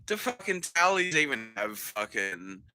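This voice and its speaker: Man, podcast host, sarcastic, sweary, slow delivery, bright forceful tone. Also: mid-range voice, big pitch swings, rough recording. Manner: profane, sarcastic, mocking, laughs mid-sentence; many fillers and restarts. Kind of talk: rambling solo podcast monologue.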